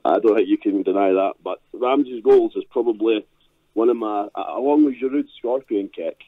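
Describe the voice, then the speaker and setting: A man's voice: lowish voice, normal speed, no echo. Man calling in over a tinny phone line. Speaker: caller. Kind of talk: phone-in football opinion.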